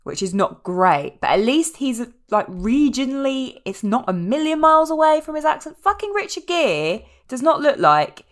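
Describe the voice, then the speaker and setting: A woman co-hosting a podcast, bantering quickly and joking in casual chat, with the odd swear. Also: sits high, very animated. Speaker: podcast co-host.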